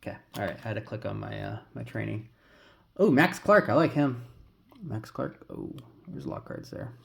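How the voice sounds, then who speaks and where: A man's voice: lowish voice, animated, normal speed, vocal fry. A man casually talking through a pack opening, rambling and calling out names as he flips through cards. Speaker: card collector vlogger.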